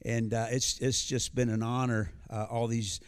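Preaching live in church as a visiting pastor, this American man in his sixties has a clear, resonant mid-range voice with little pitch movement and normal speed. His sermon is folksy and full of jokes, with lots of fillers and restarts.

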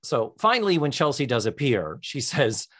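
A man co-hosting a podcast, recapping a sitcom in casual chat as an animated storyteller. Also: normal speed, slightly rough. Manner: animated storyteller, sing-song pitch swings. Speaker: podcast co-host.

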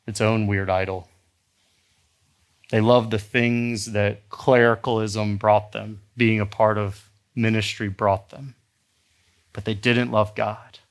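A male pastor preaching a sermon, animated and emphatic, acting out the people in his story. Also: lowish voice. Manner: animated, acts out characters, rising to emphatic exhortation.

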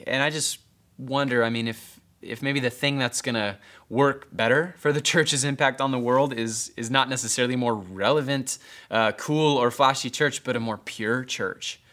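A young man delivers a sermon in a relaxed, conversational way, mixing self-deprecating jokes with quiet, earnest passages. His voice is bright and forward, sitting in a middle pitch. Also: normal speed. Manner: conversational, self-deprecating humor, drops to soft intense tones for emphasis. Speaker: preacher. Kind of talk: sermon with personal story.

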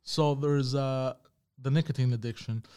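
A man's voice: medium pitch, moderate pace, clean tone. A young man hosting a podcast alone, telling stories casually with lots of swearing and reacting to chat comments. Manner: profane, animated storyteller reading chat comments. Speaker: podcast host. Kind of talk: casual solo podcast storytelling.

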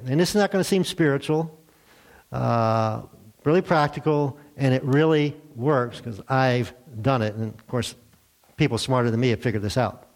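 Casting: older male pastor at mid pitch, relaxed and self-deprecating, talking straight to the congregation. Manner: conversational, self-deprecating, addresses the congregation directly. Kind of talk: sermon. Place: church.

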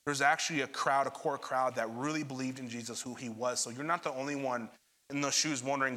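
A man's voice: mid-range voice, fairly even intonation, quick pace, bright, forceful tone. A young adult man preaching a sermon, addressing the congregation directly and retelling scripture with dramatic energy. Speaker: pastor.

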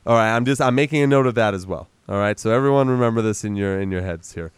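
A man casually recapping a movie in conversation, jumping into loud animated impressions of the characters and swearing freely. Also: fairly low pitch, quick pace, clear, resonant tone, dry recording. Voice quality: animated retelling, acts out characters in a raised voice, swears. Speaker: podcast co-host.

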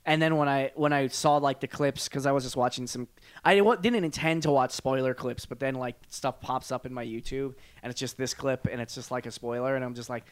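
Smooth-voiced man rambling in casual chat. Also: mid-range voice, fairly even intonation, a little fast. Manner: rambling, self-correcting, many fillers. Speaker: podcast co-host.

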